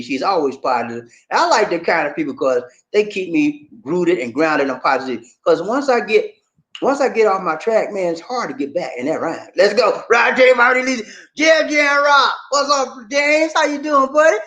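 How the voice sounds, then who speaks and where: A vlogger with a high voice hosts a casual livestream, reading viewer comments and chatting back. He's animated and drawling, often throwing in "man."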